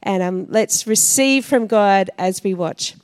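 A woman's voice: mid-range voice, slow pace, a little mellow, smooth. A woman leading a church service, telling a casual story to the congregation in a chatty way. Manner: chatty, with frequent fillers and laughs.

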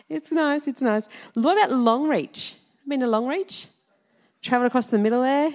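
Australian woman, middle-aged, church minister, chatty, laughs a lot, fairly high voice. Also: a little slow, darkish tone. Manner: chatty, laughing, quizzing the audience. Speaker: Salvation Army minister. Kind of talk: church talk to a congregation.

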